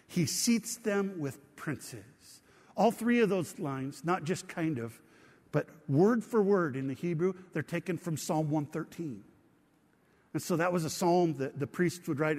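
A man's voice: fairly high pitch, long reverb tail. A man preaching a sermon as pastor, reading scripture aloud and drawing the congregation in with questions. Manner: engaging, asks the congregation questions.

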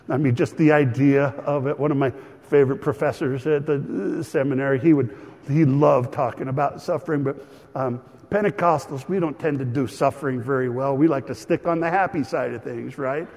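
A man's voice: medium pitch, moderate pace, a little mellow. A middle-aged man pastor preaching a sermon, telling stories with chuckles and fillers. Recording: long hall reverb.

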